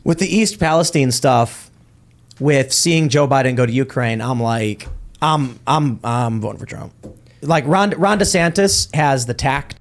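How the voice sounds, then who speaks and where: A man's voice: medium pitch, animated, measured pace. A podcast host arguing his view in a rambling way, with stammering restarts. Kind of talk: panel show discussion.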